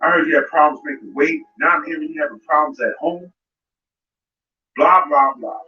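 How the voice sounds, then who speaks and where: A male boxing commentary host, his voice on the high side and his pace moderate, directs a confrontational live rant at a fighter. The recording is roomy, distant, and dull, with music in the background.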